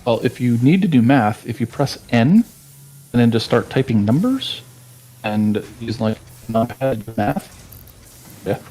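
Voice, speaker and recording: A man's voice: medium pitch, lively intonation, measured pace, warm tone, soft background music, rough recording. A man in a multiplayer voice chat, explaining game mechanics to a teammate in a matter-of-fact, casual way.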